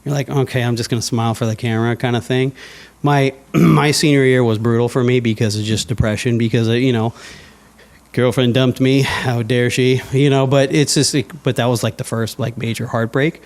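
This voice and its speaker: A man in a casual podcast interview tells his personal story with plenty of energy. His voice sits at an ordinary middle pitch, and he keeps breaking into playful quoted voices for his past self. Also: moderate pace. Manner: animated storyteller, acts out his own past thoughts in quoted asides. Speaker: guest sharing his testimony.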